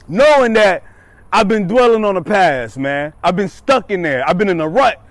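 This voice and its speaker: A man's voice: high voice, expressive, moderate pace. A man giving an earnest, preachy motivational talk to his viewers, repeating phrases for weight. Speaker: motivational vlogger.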